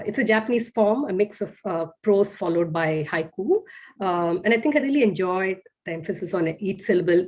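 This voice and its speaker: Breathy woman reading her poetry slowly. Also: fairly low pitch, a little mellow. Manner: slow, measured reading of poems, hesitant fillers between. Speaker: poet reading her work. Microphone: video call.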